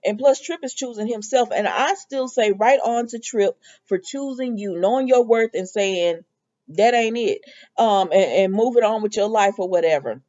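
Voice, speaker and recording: A woman's voice: medium pitch, normal speed, a little mellow, dull audio. A woman casually recapping a soap opera episode, talking in a loose, chatty way with lots of fillers and quoted lines. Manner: chatty, lots of "um" and "or whatever", quoting characters.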